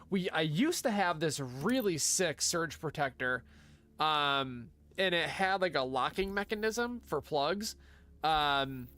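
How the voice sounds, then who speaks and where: A man's voice: fairly high pitch, a bit bright. A young man chatting casually while streaming a game, rambling with lots of asides. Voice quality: rambling, full of fillers and asides. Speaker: livestreamer. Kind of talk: casual chat while gaming.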